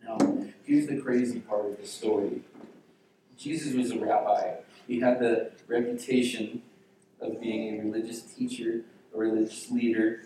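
A male pastor preaching a sermon, telling the story dramatically and dropping to hushed tones for quoted lines, in a large church hall. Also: lowish voice, fairly even intonation, moderate pace, noisy background. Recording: very echoey hall, voice from far off.

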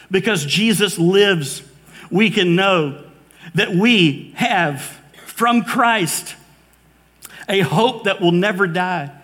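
A man's voice: high-pitched, fairly bright tone. Earnest preaching man. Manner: earnest preaching with rhythmic repetition. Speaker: pastor. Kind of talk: sermon. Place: church sanctuary with congregation.

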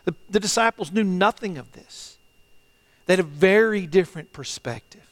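A middle-aged man preaching a sermon as pastor, earnest and halting, often repeating phrases and swinging between loud and hushed delivery. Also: high-pitched. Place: church, online service.

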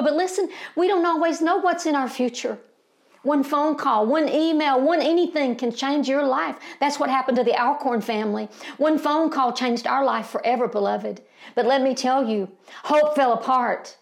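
Gravelly-voiced older woman preaching. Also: normal speed. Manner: impassioned, rising to emphatic peaks then dropping low; homespun and folksy, addresses listeners as beloved and family. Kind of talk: sermon.

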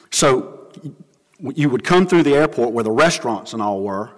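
An earnest male pastor preaching in a church, his mid-pitched voice carrying a long, ringing reverb. He drops low and quiet for scripture and personal stories. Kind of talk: sermon. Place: church sanctuary.

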